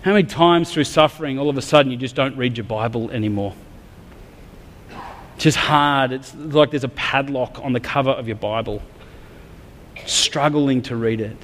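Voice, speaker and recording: A man's voice: mid-range voice, moderate pace, fairly bright tone. An Australian man preaching a sermon, talking candidly and conversationally with some humor. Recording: long reverb of a large hall.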